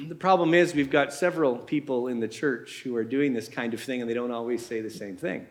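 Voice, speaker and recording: A man's voice: medium pitch, brisk, hardly any pauses. A man preaching a sermon in a conversational way, asking his listeners many rhetorical questions.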